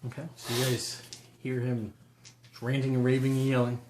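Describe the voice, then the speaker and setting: A man's voice: medium pitch, monotone, normal speed, a little mellow. A man running a tabletop game as game master, casually describing scenes. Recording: roomy room with background noise.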